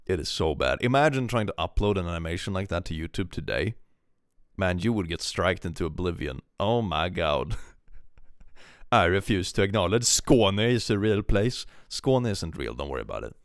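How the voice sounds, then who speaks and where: A man's voice: low-pitched, big pitch swings, moderate pace, no echo, clean studio sound. A man, casually chatting with his stream and joking as he reads out chat.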